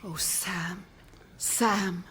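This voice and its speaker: An actress playing a Swedish woman reunited with an old love, speaking in a breathy, melodramatic way that keeps rambling off track. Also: fairly low pitch, fairly even intonation, very slow, a bit bright, a little hiss or hum. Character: Swedish woman, a man's long-lost love. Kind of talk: radio sitcom acting.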